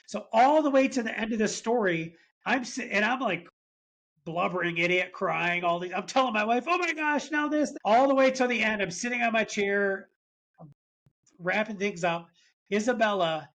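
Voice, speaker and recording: Man, high-pitched voice, earnest, lively storytelling, podcast guest. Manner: earnest, animated faith-based storytelling. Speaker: podcast guest, business founder. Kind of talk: conversational storytelling interview.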